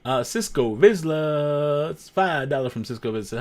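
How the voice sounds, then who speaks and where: Lively-voiced man hosting a chatty livestream. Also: on the high side, normal speed. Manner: chatty, jokey, laughs often, repeats himself. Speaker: livestream host. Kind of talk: casual livestream chat reading comments.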